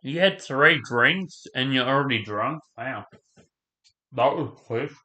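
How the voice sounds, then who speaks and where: A young man talks casually while reacting to a video, rambling and trailing off mid-thought. His voice is bright and sits at a middle pitch. The room around him is echoey. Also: expressive, takes it slowly. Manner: rambling, trailing off, talking with mouth full. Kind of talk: casual chat.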